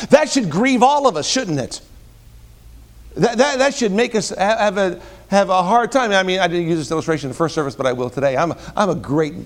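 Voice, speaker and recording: A middle-aged male pastor with a notably high voice delivers a sermon, shifting from loud, emphatic peaks to quiet, low asides. He frequently restarts phrases and repeats words mid-thought.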